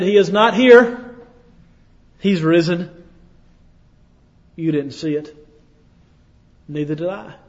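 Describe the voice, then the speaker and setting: A male preacher telling a sermon as dramatic second-person storytelling, dropping to a hush and rising to loud declarations. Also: fairly high pitch. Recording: echoey hall, dull lo-fi sound.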